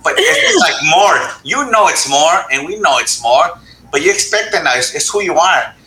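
A man with a strikingly bright voice speaks on a panel in an echoey room. He talks in an animated way, mixes English with Spanish, and keeps tossing in "right?". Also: fairly high pitch, moderate pace, slight background noise. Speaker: panel guest. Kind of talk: panel discussion.

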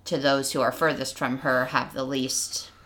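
A woman's voice: extremely low pitch, flat delivery, normal speed, a bit bright, a little hiss or hum. A woman co-hosting a podcast in casual chat, wry and thoughtful, often trailing off. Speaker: podcast co-host.

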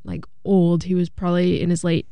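A young woman co-hosting a podcast, telling a story in a lively way and acting out the voices of the people in it. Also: fairly low pitch, a little fast, vocal fry, clear, resonant tone, no echo. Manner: animated storytelling, acting out quotes. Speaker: podcast co-host. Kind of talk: casual chat.

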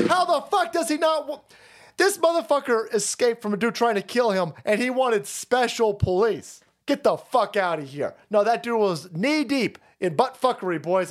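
A man's voice: very high voice, expressive, normal speed. Foul-mouthed male streamer, mocking sarcasm, voice swinging wildly. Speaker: political commentary streamer. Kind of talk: profane political rant.

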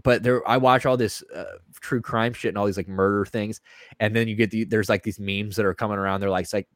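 A man's voice: on the low side, steady tone, fairly quick, no room sound, clean studio sound. A man co-hosting a podcast in casual chat, rambling and swearing as he tells a story, acting out the people in it. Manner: rambling, swearing, acts out voices in retelling. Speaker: podcast co-host.

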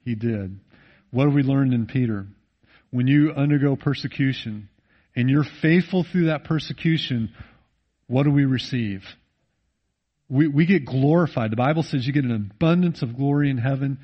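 A male pastor preaching a sermon, swinging between loud emphatic rises and low, intimate drops, and slowing down to read scripture. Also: highs cut off. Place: church.

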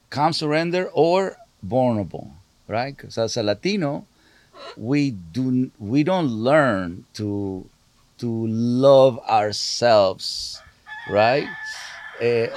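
A man's voice: mid-range voice, no echo. A man hosting a podcast, from Mexico, speaking reflectively with hesitations and restarts. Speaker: host. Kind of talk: casual podcast conversation.

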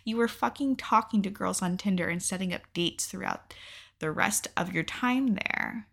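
A young adult woman vlogger tells a personal story candidly, swearing freely, laughing, and saying "like" constantly. Her mid-range voice moves at a moderate pace and has vocal fry.

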